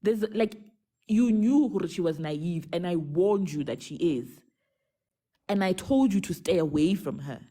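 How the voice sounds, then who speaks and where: Woman, South African accent, young adult, animated, code-switching, casual storytelling, low warm voice. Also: a little slow. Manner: animated, switching between English and a local language mid-sentence. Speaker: caller telling a story. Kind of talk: casual storytelling on a live stream.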